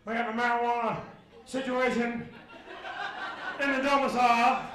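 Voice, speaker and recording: A man's voice: very high-pitched, level tone, normal speed, noisy background. A man doing a stiff, official old cop. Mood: officious. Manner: formal, by-the-book phrasing. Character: older male police officer, stiff and official. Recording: echoey room.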